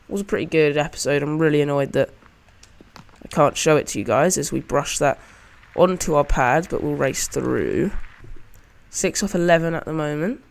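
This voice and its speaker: A man's voice: fairly high pitch, gravelly. A man giving casual, chatty commentary over his own gameplay as a channel host, narrating each shot as he plays it.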